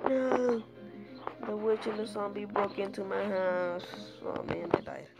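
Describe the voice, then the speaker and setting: A woman's voice: mid-range voice, unhurried. A woman giving live gameplay commentary, panicky and pleading, talking to herself as she plays. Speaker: gamer. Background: loud game music.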